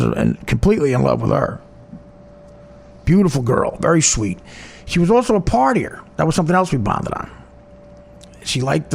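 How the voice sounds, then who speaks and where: Jersey guy comedian rambling thru a story, real gravelly voice, swoops up and down a lot, swears plenty. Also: on the high side. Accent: New Jersey. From New Jersey. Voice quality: profane, rambling, self-mocking. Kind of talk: personal storytelling.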